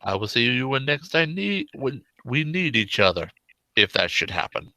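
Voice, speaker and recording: A man's voice: mid-range voice, very animated, normal speed, pushed and bright, no echo, voice pushed up, poor audio. A man voicing the courteous male leader of an underground brotherhood, speaking politely and formally.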